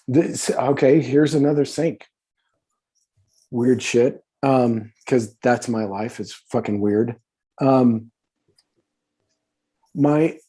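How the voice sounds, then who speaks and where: As a guest on a podcast, a fifty-something man spins casual stories, wandering, cursing, restarting sentences and using lots of fillers. He has a mellow, mid-range voice.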